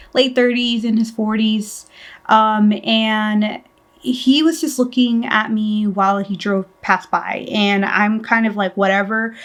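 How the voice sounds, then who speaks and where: Chatty young woman telling a story. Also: fairly high pitch. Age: 20s. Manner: chatty, full of "like" and restarts, swears casually. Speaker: vlogger. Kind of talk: casual storytime narration.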